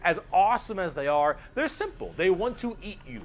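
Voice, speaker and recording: A man's voice: high-pitched, expressive, fairly quick, a little hiss or hum. A man narrating a video in an earnest, explanatory way. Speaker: lore narrator.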